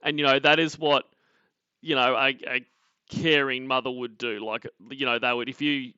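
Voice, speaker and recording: An Australian man co-hosting a podcast in a bright, forceful voice. He rambles and restarts his sentences often, and the sound is dry and a little dull, like a modest lo-fi mic. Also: medium pitch, little pitch movement, normal speed, smooth, no room sound. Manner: rambling, lots of fillers and restarts. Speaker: podcast co-host. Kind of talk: casual chat.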